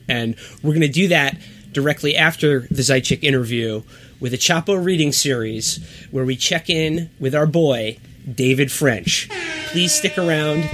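A man's voice: medium pitch, noisy background. A man in his thirties co-hosting a podcast, casual and joking, swearing freely. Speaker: podcast co-host.

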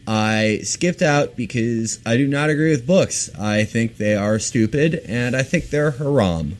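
A man co-hosting a podcast, telling absurd jokes in a deadpan way. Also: medium pitch, unhurried, slight background noise. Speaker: podcast co-host. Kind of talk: casual podcast banter.

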